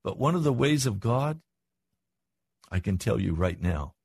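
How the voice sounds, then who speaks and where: A man's voice: big pitch swings, unhurried, creaky, a little mellow, slightly rough, no room sound, clean studio sound. An older man preaching a sermon as pastor, earnest, with his voice rising for emphasis. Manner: earnest, rises in pitch for emphasis.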